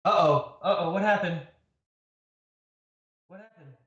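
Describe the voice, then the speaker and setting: A man's voice: unhurried, fairly bright tone, dull audio. A man telling a story in a casual livestream chat, laughing often. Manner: laughing storyteller, jumps high when quoting. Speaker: guest artist. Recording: roomy echo.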